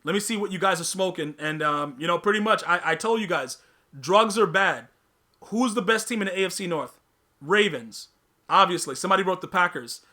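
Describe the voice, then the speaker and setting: Hosting a live podcast stream, a man chats loosely with viewers, his voice sitting high, fairly quick, pushed and bright. He throws in slang, says things more than once, and pokes fun at the chat.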